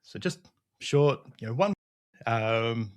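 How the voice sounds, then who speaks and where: A man hosting a casual interview, upbeat and quick to laugh. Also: medium pitch, animated. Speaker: podcast host.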